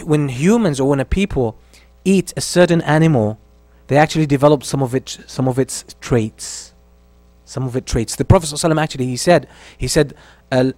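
A man's voice: a little high, a little mellow, dry recording. A man giving a religious history lesson. He recites Arabic lines, translates them and repeats key phrases for emphasis. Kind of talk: lecture on early Islamic history.

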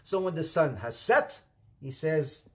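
A man's voice: a little high, lively intonation, unhurried, a bit bright. A middle-aged man with an Arabic accent, whose first language is Arabic, preaching a sermon and telling stories with jokes, addressing the audience as brothers and sisters.

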